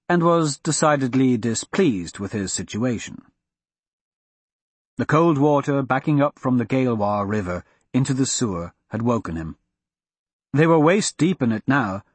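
A man reads a fantasy audiobook in a steady, measured way. His mid-pitched voice is husky, and the recording sounds close and dry. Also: no echo. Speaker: audiobook narrator. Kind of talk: scripted fantasy narration.

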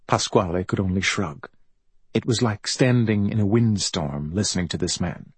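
A man reading an audiobook in a measured, even storytelling manner. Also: low-pitched, slightly rough, no echo. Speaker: audiobook narrator. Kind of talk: scripted audiobook narration.

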